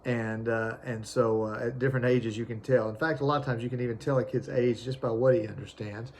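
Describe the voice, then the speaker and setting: A man's voice: medium pitch, steady tone, a little fast, a little hiss or hum. A man giving a casual, conversational sermon. He reads scripture aloud in a mid-range voice and stumbles through fillers and restarts as he explains it. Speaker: preacher. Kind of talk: informal sermon.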